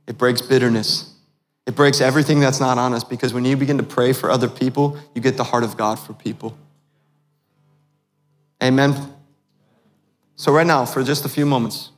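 A man's voice: medium pitch, long reverb tail. A man preaching a sermon as pastor, asking the congregation questions as he goes.

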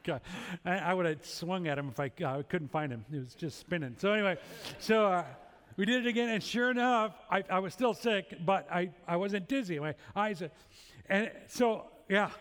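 A man's voice: high-pitched, moderate pace, fairly bright tone, clean tone. A middle-aged male pastor preaching a sermon, telling a story with humorous, self-deprecating asides. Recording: long hall reverb.

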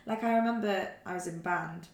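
A woman's voice: on the low side, a little fast, creaky. A young woman from Wales telling personal stories in a casual chat, with lots of fillers and restarts. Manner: chatty storytelling, many fillers and restarts. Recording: echoey room.

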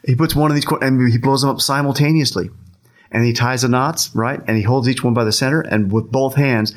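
A man's voice: medium pitch, fairly even intonation, fairly quick, soft background music. A man casually telling a long anecdote, laughing often, repeating himself, and acting out what people said.

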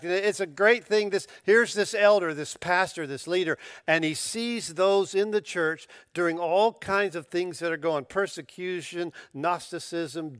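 A male pastor preaching with emphatic, animated energy, his voice sitting a little high for a man. He restarts phrases as he presses his points, and the recording is close and dry with no room sound. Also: no echo. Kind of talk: sermon.

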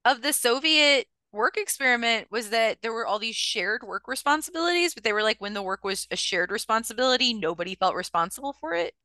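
A woman's voice: fairly high pitch, animated, a little fast, hardly any pauses, pushed and bright, dry recording, clean studio sound. A woman co-hosting a podcast, musing in a casual, wry and rambling way. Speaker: podcast co-host. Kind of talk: casual chat.

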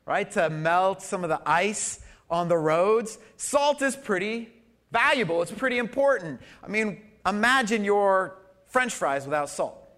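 A man preaching a sermon to a church congregation, animated and conversational, swinging from loud emphasis to soft asides. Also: sits high. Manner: conversational, with fillers and audience questions. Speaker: pastor. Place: church service.

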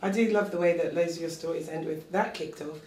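A woman comedian hosting a casual chat, talking in a measured, thoughtful way and asking questions. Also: deep voice, darkish tone. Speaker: comedian and host. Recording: roomy sound, mic at a distance.

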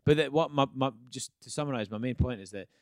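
A man's voice: mid-range voice, fast, no echo, clean studio sound. A man in casual chat, opinionated and sweary, restarting his sentences often.

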